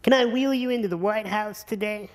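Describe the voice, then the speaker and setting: A man's voice: high voice, a little fast, natural voice. A man impersonating a chummy head of state. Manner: chummy, familiar. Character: friendly male head of state, casual. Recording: reverberant hall.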